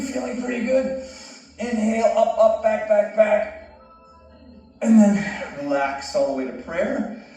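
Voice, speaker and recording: A man leading a guided yoga session in a casual, encouraging and self-joking way. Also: high-pitched. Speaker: yoga instructor. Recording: echoey room, distant mic, soft music.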